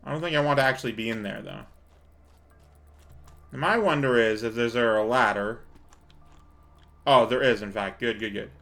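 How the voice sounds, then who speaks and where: A man's voice: medium pitch, normal speed, creaky, long pauses, a bit bright. A man hosting a let's-play, chatting casually and thinking aloud as he plays, a little tired and out of breath. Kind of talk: casual gameplay commentary.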